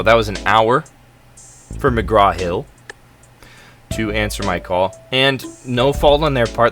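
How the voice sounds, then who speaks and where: A man's voice: on the low side, bright, forceful tone. A young man telling a story in an exasperated, dramatic and sarcastic rant. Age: young adult. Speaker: college student vlogger. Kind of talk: ranting storytelling vlog.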